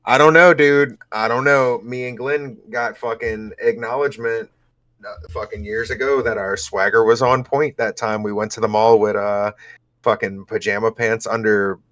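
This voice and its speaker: A man with a fairly low voice sits in as a podcast guest. He jumps in with short, profane wisecracks in a relaxed, casual chat. His voice comes through close and dry. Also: no room sound. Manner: jokey, profane quick interjections.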